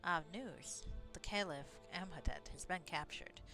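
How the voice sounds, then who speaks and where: A woman voicing a male player hero in a deliberately bad fake Southern drawl, reading game dialogue. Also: lowish voice, big pitch swings, over music. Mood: hammy.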